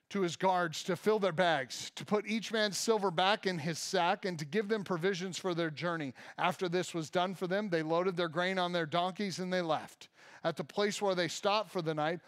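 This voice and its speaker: An American pastor with a notably high voice preaches to his congregation. He reads scripture aloud, then turns to the room with playful, plain-spoken asides. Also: a bit bright. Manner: reads scripture aloud and acts out reactions with humor; addresses the congregation directly. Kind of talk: sermon. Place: church before a congregation.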